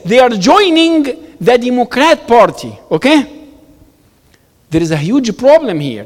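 A man giving an emphatic public talk to an audience, repeating words for stress and telling stories. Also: very high-pitched. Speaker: speaker answering audience questions. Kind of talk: animated public talk with storytelling. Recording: long reverb of a hall.

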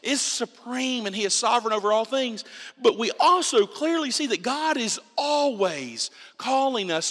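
A man preaching a sermon as pastor, emphatic and repeating himself as he builds his points. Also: high voice. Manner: animated, emphatic preaching with repetitions and restarts. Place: church sanctuary. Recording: reverberant church hall.

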